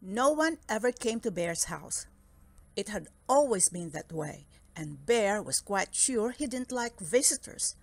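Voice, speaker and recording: A woman reading a children's picture book aloud in a slow, expressive storytelling manner. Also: medium pitch, gravelly.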